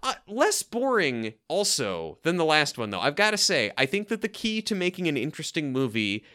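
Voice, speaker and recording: A man co-hosts a casual movie review podcast and cracks jokes with playful glee. His pitch swings widely, and his voice sounds bright. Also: wildly swooping pitch, normal speed. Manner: joking, playful. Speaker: podcast co-host.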